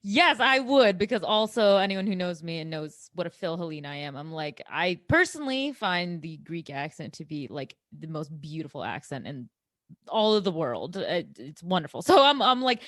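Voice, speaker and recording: Animated woman podcast host, dry sound. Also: on the low side, normal speed, no room sound. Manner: animated, gushing, many restarts and fillers. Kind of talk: casual podcast chat.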